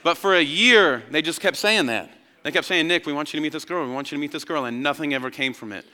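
A man in his thirties preaching a sermon, telling a personal story, swinging from excited emphasis down to quiet, hushed lines. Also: fairly high pitch, fast talker, big-room sound. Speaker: pastor.

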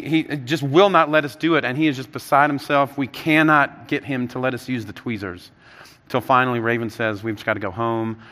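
A pastor in his thirties tells stories through his sermon, his bright, forward voice rising and growing louder when excited and sinking soft and low for serious points. The long reverberation of a large church hall trails his words.

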